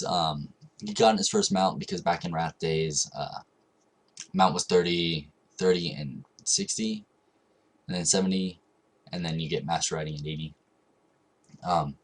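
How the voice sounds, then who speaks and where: Young man with a low, husky voice. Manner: rambling, with frequent ums and restarts. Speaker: vlogger. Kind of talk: casual storytelling vlog.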